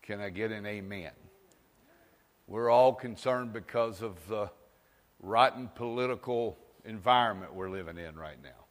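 A man's voice: fairly low pitch, measured pace. A man preaching a folksy sermon, telling stories and asking the crowd for amens. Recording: long reverb in a large hall.

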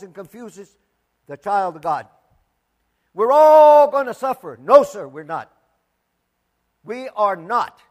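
Preaching with emphasis, this male pastor moves between booming declarations and quiet asides, repeating words to drive his points home. His voice is high.

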